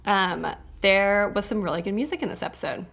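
A woman's voice: mid-range voice, a little fast, fairly bright tone. A woman co-hosting a podcast in casual chat, joking and laughing often. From Texas. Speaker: podcast co-host.

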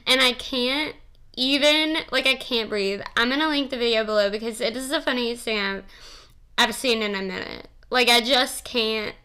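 Bright, crisp-voiced young woman rambling. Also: on the high side, normal speed. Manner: rambling, giggly, profane and playful. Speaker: podcast host. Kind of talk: casual solo podcast chat.

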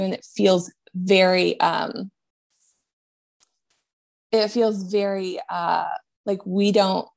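A woman giving a spiritual medium reading in a gentle, reassuring way, often trailing off and restarting her sentences. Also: mid-range voice, creaky.

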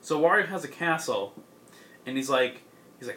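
A young man casually recapping a story, with many fillers and laughs along the way. His voice is bright and forward, at an ordinary pitch. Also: expressive, moderate pace. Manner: rambling, filler-heavy, laughs often. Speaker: podcast co-host. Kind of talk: casual chat, recapping a comic.

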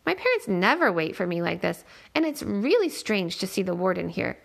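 A woman reading a novel aloud in a steady, plain storytelling manner. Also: medium pitch, normal speed, gravelly. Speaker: reader.

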